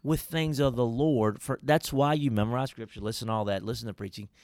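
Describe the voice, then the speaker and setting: A man's voice: mid-range voice, brisk, darkish tone, no echo, clean studio sound. A man, a pastor co-hosting a casual Bible-study chat, emphatic and folksy with preacherly asides.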